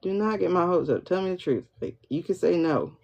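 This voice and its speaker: A woman hosting a livestream pendulum reading, excitable, repeating herself as she questions her spirit guide and talks to viewers. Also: fairly low pitch, a little fast, creaky. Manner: excitable, keeps repeating "hold on" while asking questions. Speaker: tarot reader host. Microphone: phone or computer mic for livestream. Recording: dull lo-fi livestream audio.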